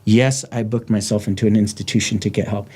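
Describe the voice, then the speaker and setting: A man's voice: on the low side, fairly even intonation, fast, a little mellow, slightly rough. A middle-aged man and former lawman hosting a podcast, speaking in a raw, blunt, heartfelt way. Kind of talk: candid podcast conversation.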